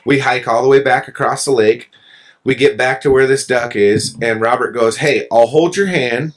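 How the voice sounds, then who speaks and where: A man in casual podcast chat, telling a long hunting anecdote with profane, self-mocking humor, slowing some phrases and rushing the punchlines. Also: mid-range voice, flat delivery.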